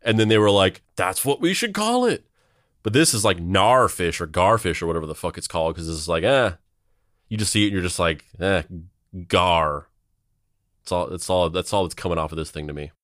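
Casting: a male co-host with a low voice, full of swearing and wisecracks, relaxed chat, dry close sound. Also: quick pace, dry recording. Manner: wisecracking and profane. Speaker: podcast co-host. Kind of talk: casual podcast banter.

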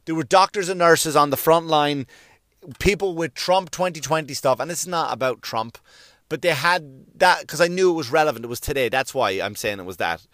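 Irish guy ranting, swears a lot, sarcastic, a bit high, dry. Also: a little fast, fairly bright tone, no room sound. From Ireland. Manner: sweary, sarcastic, acts out silly voices. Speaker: podcast host. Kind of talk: profane comedic rant.

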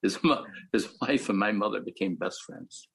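An older man from the Philippines, calmly telling his life story as a panel speaker. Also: on the low side, normal speed, creaky, a little hiss or hum, rough recording. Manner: reflective, matter-of-fact storytelling. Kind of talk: personal storytelling.

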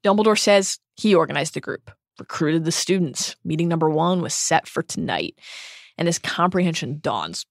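A woman co-hosting a podcast, recapping book chapters in brisk summary with emphatic asides. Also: low voice, expressive, creaky, no room sound, clean studio sound. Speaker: podcast co-host.

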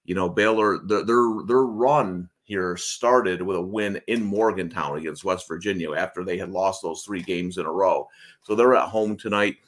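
Host, male, lowish voice, casual rambling betting talk on a video call. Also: moderate pace. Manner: chatty, rambling, frequent restarts. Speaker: sports betting show host.

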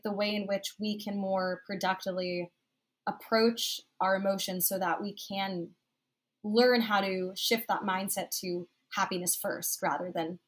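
A woman hosting a podcast, asking long, curious questions in a casual way. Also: medium pitch. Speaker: podcast host.

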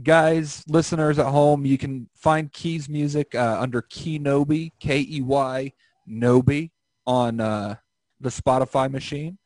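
A man's voice: mid-range voice, steady tone, unhurried, a little mellow, no echo. A young man hosting a casual podcast over a remote call, joking and rambling with crude humor. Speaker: podcast host.

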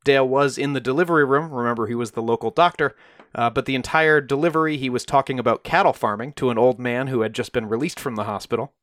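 A man's voice: mid-range voice, quick pace, fairly bright tone, dry recording, studio quality. A man co-hosting a podcast, telling a true crime story in a casual, conversational way and briefly acting out the quoted voices.

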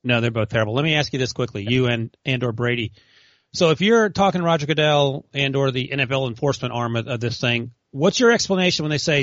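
Quick talking sports podcast guy firing off questions, dry dull sound. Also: mid-range voice, fairly bright tone, no echo. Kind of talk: casual sports chat.

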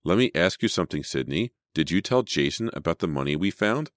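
An accusing teenage girl with a hard, insistent edge, put on by a man with a very deep voice. Her lines come in a raised, pressing pitch in a dry storybook reading. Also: lively intonation, a little fast, no echo.

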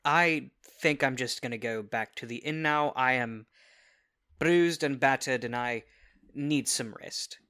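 A man's voice: medium pitch, a little slow, pushed and bright, clear, resonant tone. A man playing his character at a tabletop game, speaking politely and formally. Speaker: player.

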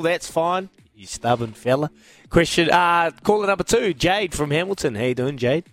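A man's voice: on the high side, lively intonation, moderate pace, fairly bright tone. Kiwi male radio host, cheeky and playful with callers, light music bed. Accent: New Zealand. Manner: cheeky, teasing, laughs often. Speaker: radio sports quiz host. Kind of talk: upbeat radio banter with callers.

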